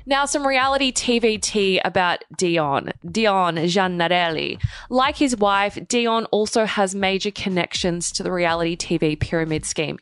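A woman's voice: medium pitch, a bit bright, smooth, no echo. A young woman hosting a reality TV gossip show, reading a script with sarcastic, chatty asides.

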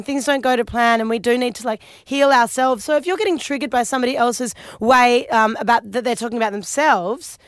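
A woman's voice: fairly high pitch, a little fast, few pauses, no echo, studio quality. A woman co-hosting a chat show, frank and laughing, swearing casually. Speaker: co-host.

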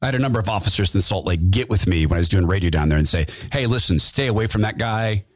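A middle-aged talk radio host with a fairly low, expressive voice speaks at a quick pace, telling folksy stories and acting out the quotes. There's no echo on the recording.

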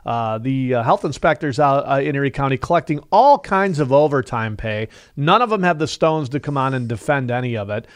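A man co-hosting a financial talk radio show, pitching services with salesy energy and rising heat when riled up. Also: lively intonation, fairly quick, hardly any pauses, no room sound, studio quality.

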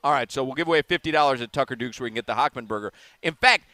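A man's voice: mid-range voice, rapid-fire, pushed and bright, no echo. A man hosting a live talk radio show, chatting in a rambling, self-amused way from a remote broadcast. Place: bar or restaurant remote broadcast.

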